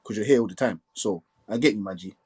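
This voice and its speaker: A man hosting a casual live stream, talking quickly and filling his speech with "you get me". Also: fairly low pitch, darkish tone, breathy edge. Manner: fast, repetitive filler "you get me".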